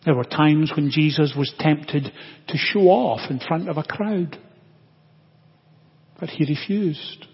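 A man preaching in a church, his husky voice carried through long hall reverb. He speaks slowly and deliberately, with weighty pauses and quiet, hushed stretches. The audio is dull and lo-fi. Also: fairly high pitch. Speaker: pastor. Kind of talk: sermon. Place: church sanctuary.

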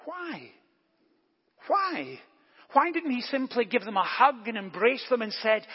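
Slow, emphatic high-voiced preacher. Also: male voice, very animated, slightly rough. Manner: deliberate, emphatic, rhetorical questions. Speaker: pastor. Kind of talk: sermon. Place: church during service. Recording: echoey church, long reverb, dull lo-fi.

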